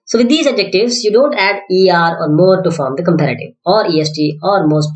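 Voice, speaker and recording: A woman's voice: fairly low pitch, brisk. A woman teaching an English grammar lesson. She drills word lists aloud, spells out letters one by one and corrects herself as she goes. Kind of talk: classroom-style grammar lesson. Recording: roomy echo.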